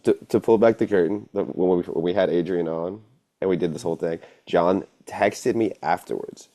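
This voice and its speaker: Deep low guy reading the chat, mellow tone, teasing his buddy. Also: moderate pace, no room sound. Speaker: podcast co-host reading chat. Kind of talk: casual sports chat.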